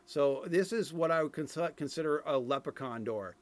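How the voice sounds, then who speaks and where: Middle-aged man, fairly high voice, rambling casual game commentary at a desk mic. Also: lively intonation, moderate pace. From Ireland. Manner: rambling, thinks aloud with fillers and restarts. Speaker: streamer reviewing game dev footage.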